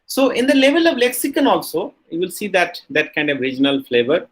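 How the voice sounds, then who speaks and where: A man's voice: high voice, big pitch swings, a little fast, a bit bright, poor audio. A man giving a recorded university lecture, explaining in a loose, discursive way and often adding "you know" and "you see.".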